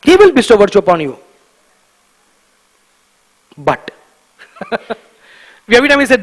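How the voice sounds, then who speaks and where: Man, high-pitched voice, emphatic devotional lecture, repeats words for stress, long reverb of a temple hall. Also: normal speed, pauses often. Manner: emphatic, animated, repeats key words for stress, chuckles often. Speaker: guest speaker giving a temple class.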